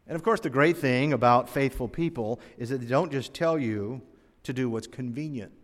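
Preacher, man, 60s, mid-pitched, emphatic storytelling delivery, long hall reverb. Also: moderate pace. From North Carolina, USA. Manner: storytelling preacher, emphatic rises and drops in loudness. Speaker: pastor. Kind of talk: sermon.

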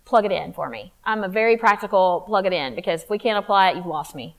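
A woman telling her faith testimony in a candid, animated way, acting out what people said. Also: medium pitch, fast, low-quality recording. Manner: candid, animated, acts out quotes. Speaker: speaker sharing testimony.

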